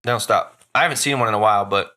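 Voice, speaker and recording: A man hosting a podcast in casual chat, telling rambling, profane stories full of "dude" and "bro", and jumping up in pitch when he quotes someone. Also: racing. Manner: animated, jumps up in pitch for quoted voices. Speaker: podcast host.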